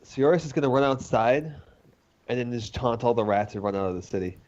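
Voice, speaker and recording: Excitable man arguing his game moves. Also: medium pitch, a little fast, lo-fi sound, slight background noise. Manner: eager, argumentative, bursts of excitement. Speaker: player. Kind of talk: casual game-table chat.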